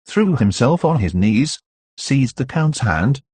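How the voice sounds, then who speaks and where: Brief: male audiobook narrator, very husky timbre, dry close sound. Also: mid-range voice, big pitch swings, takes it slowly, darkish tone, dry recording. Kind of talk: scripted narration.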